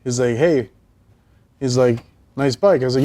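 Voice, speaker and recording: A man in casual interview chat, telling stories in a profane, animated way. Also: mid-range voice, a little fast. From Buffalo, New York. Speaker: guest. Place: his store.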